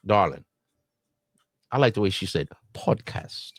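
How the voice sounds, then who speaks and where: A man's voice: brisk, no room sound, clean studio sound. A man with a Southern US accent doing casual, teasing commentary while reacting to a video, drawling his words. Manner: playful, teasing, drawls words and swings his pitch up high.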